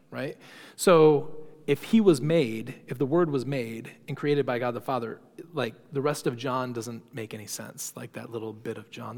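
A man's voice: mid-range voice, a little mellow. A man teaching an informal church class, talking conversationally with many fillers and restarts. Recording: long reverb of a hall.

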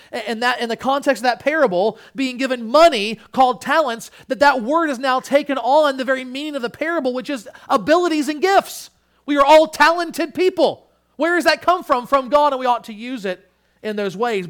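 A man's voice: extremely high pitch, a bit bright. A man preaching a sermon, earnest, shifting his emphasis and restarting a few phrases as he goes. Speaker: pastor.

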